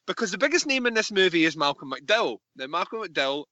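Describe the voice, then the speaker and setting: A man's voice: sits high, very animated, fast, bright, forceful tone, no echo. A man hosting a podcast, chatting enthusiastically and swearing freely about a film. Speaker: podcast host. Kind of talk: casual film review chat.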